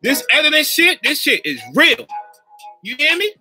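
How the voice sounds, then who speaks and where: A man talking casually to his viewers on a livestream, slangy and animated, and he keeps checking in with his audience. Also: extremely high pitch, moderate pace, over music. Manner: slangy, animated, keeps checking in with "you know what I mean". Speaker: YouTuber live-chatting with viewers.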